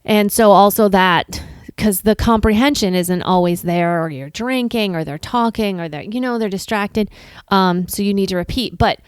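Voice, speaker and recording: A middle-aged woman from Chicago, co-hosting a podcast in casual chat and telling lively stories with acted-out quotes. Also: mid-range voice, normal speed, smooth, dry recording, studio quality. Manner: animated storyteller, acts out quotes. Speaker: podcast co-host.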